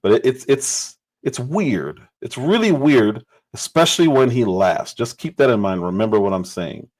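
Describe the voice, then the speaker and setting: A man's voice: mid-range voice, expressive, normal speed, darkish tone, low-quality recording. A man hosting a livestream and giving casual political commentary. He talks emphatically and repeats phrases for stress.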